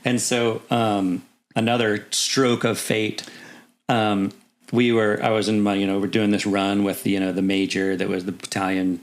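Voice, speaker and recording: A middle-aged man with a low, gravelly voice, chatting as a guest on a podcast. He spins loose, rambling stories full of fillers and acts out the people in them as he goes. Relaxed and unscripted. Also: moderate pace. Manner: rambling anecdotes, many "you know" fillers, acts out voices in quotes. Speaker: guest, army officer. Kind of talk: casual storytelling.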